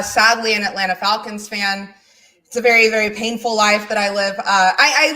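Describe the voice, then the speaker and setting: A woman's voice: mid-range voice, bright, forceful tone, rough recording. A woman from the United States, a guest on a sports chat show, talking in an upbeat way and laughing easily. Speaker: guest, podcast co-host. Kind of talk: casual chat.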